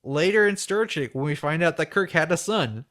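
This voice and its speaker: A man's voice: a little high, animated, normal speed, a bit bright. Casual man recapping an episode. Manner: loose, joking retelling. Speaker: podcast host.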